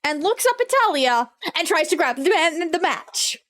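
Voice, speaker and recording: A woman narrating a tabletop game as game master, talking in halting bursts full of fillers. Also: extremely high pitch, very animated, a bit bright.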